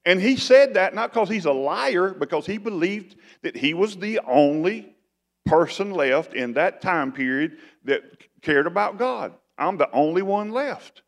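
A man preaching a sermon as pastor, with folksy, animated delivery. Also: high-pitched, a little slow. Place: church sanctuary. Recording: long church reverb.

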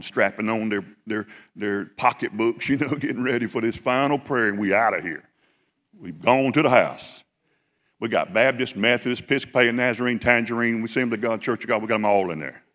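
A man from South Georgia with a Southern US accent, preaching a lively testimony sermon with animated storytelling. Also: on the low side, brisk. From South Georgia, USA. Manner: animated storytelling, building to fervent praise. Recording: reverberant hall.

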